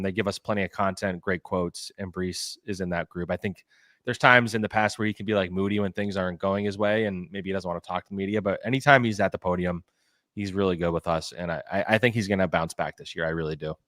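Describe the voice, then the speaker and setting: Guy on a sports podcast, lowish voice, rambly, says like a lot, dry close mic. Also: steady tone, quick pace, fairly bright tone, no echo. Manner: rambling, lots of "like" and restarts. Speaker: beat reporter and podcast co-host. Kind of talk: casual sports podcast talk.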